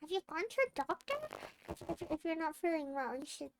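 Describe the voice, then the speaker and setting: A woman's voice: very high-pitched, lively intonation, brisk, creaky, dry recording. A sleepy woman streamer chatting casually with her viewers, rambling and giggling, with lots of restarts.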